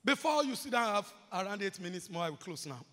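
A man's voice: sits high, very animated, fast talker, a bit bright, in a large hall. A man preaching a sermon as pastor, impassioned and repetitive.

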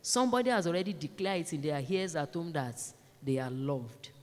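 A woman with a deep, slightly mellow voice preaches very animatedly and fairly quickly to her congregation in a large church. She speaks to them directly, driving her points home emphatically and repeating her urgings, with long reverb trailing her words.

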